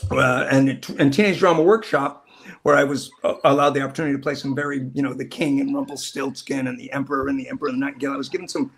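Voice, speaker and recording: A middle-aged actor telling stories in a casual interview, rambling and acting out quoted lines in different voices. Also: male voice, mid-range voice, creaky. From Southern California. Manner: rambling, animated, acts out quotes. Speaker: actor guest.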